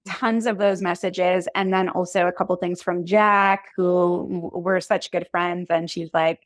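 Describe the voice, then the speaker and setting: A woman's voice: medium pitch, measured pace, no room sound. Chatty woman telling her story, dry sound. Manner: chatty, animated storytelling with many "like"s. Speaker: podcast guest, human design coach. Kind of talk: casual conversational interview.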